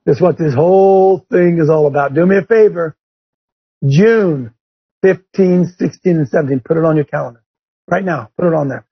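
A man's voice: a little high, moderate pace, breathy edge. A man preaching to a group in a folksy, emphatic way, speaking straight to his listeners. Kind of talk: sermon. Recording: dull lo-fi recording.

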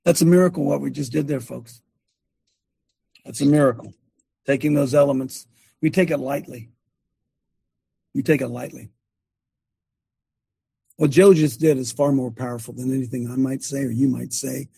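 Gravelly husky preacher man, fired up. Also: fairly even intonation, fairly quick, dark tone, no room sound. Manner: passionate, ranting, pitch leaping up when fired up. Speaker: preacher and show host. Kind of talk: fiery preaching to a congregation.

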